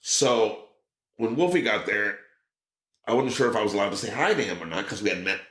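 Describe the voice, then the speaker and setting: A man's voice: fairly low pitch, expressive, brisk, fairly bright tone. A man telling stories as a podcast guest. He acts out other people's lines and swears casually. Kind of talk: casual storytelling. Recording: roomy echo.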